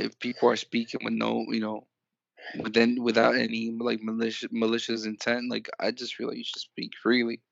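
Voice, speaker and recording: A man's voice: mid-range voice, creaky, fairly bright tone, no room sound, muffled recording. A man co-hosting a small podcast, talking hesitantly with stumbling restarts and the odd swear word. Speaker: podcast co-host. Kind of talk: casual podcast chat.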